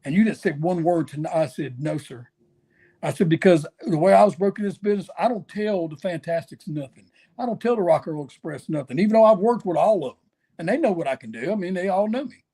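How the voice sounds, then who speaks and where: A man tells wrestling stories in a folksy, lively way, jumping into the voices of the people he quotes. His voice sits high for a man and carries a gravelly rasp. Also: quick pace. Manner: folksy, animated storyteller who acts out quotes. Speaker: guest, wrestler. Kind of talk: storytelling interview.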